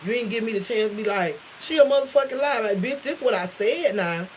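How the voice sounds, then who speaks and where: A woman's voice: medium pitch, a little fast, slight background noise, rough recording. A woman vlogger casually retelling a dramatic story, swearing freely and acting out what others said. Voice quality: profane, dialect-rich, acts out quotes. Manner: animated retelling with shifting quoted voices.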